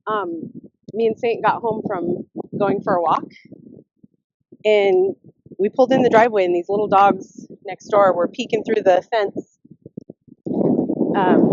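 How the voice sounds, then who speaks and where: A woman vlogging casually while out walking her dog, rambling and chatty with laughs, and cooing at the dog in a high baby-talk voice. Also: gravelly, darkish tone, no echo, dull audio. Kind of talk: casual vlog chat.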